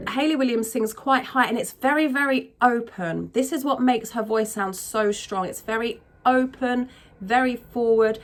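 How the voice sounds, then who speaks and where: A woman vocal coach explaining singing technique in a frank, chatty tutorial manner. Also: mid-range voice. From not from America.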